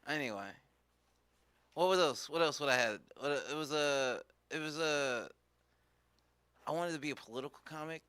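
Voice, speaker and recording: A man's voice: on the high side, pushed and bright, smooth, no room sound. A man doing a rambling, profane stand-up set, mocking himself as he goes. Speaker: stand-up comedian.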